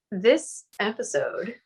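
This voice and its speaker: A woman's voice: mid-range voice, sing-song, very slow, gravelly, a little mellow, breathy edge, rough recording. Joking, foul-mouthed woman podcast co-host. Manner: joking, laid-back, swears freely. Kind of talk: casual chat. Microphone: studio podcast microphone.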